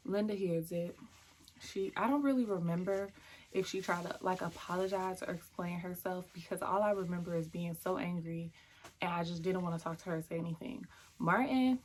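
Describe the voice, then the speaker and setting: A young woman telling a personal story in casual, chatty vlog style, lively and slipping into whispered asides. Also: fairly low pitch, brisk, a little hiss or hum.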